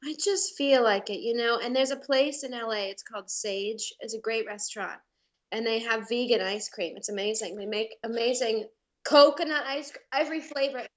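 A woman's voice: on the high side, normal speed. A woman guest on a podcast, a violinist, chatting casually with laughs and fillers. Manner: bubbly, laughing, hesitant fillers. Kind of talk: casual chat.

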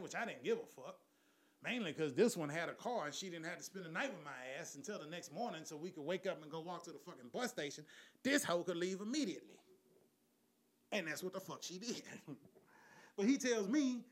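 A middle-aged man works through a raunchy stand-up routine in a slightly high voice. He is profane and animated and keeps cracking himself up as he tells it. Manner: profane, animated, laughs at his own jokes. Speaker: stand-up comedian. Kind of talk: crude stand-up storytelling.

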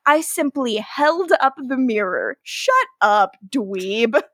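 A woman's voice: fairly high pitch, lively intonation, takes it slowly, fairly bright tone, dry recording, studio quality, heavily acted. A woman voicing a villainous male doctor with a dismissive, sneering manner. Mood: scornful. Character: scornful villainous doctor man.

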